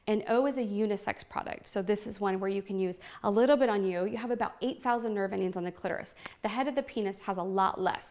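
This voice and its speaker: Hosting a product-demonstration party at home for a live audience, this Oregon woman speaks in a mid-range, slightly mellow voice. Her manner is playful and cheeky, full of asides to the room.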